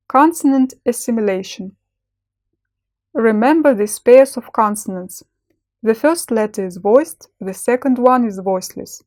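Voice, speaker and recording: A woman teaching a language lesson, pronouncing each example slowly and distinctly as a model for learners. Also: fairly high pitch, a little mellow. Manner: slow, clearly enunciated model pronunciation.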